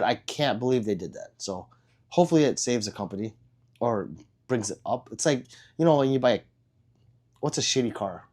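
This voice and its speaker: A man with a mid-range voice hosts a casual livestream, answering viewer comments bluntly, profanely, and excitably, with sudden loud outbursts.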